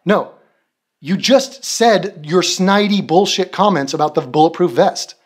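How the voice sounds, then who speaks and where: A man giving a profane, sarcastic commentary rant, mocking the people he is answering. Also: high-pitched. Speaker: commentary video creator. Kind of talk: ranting commentary.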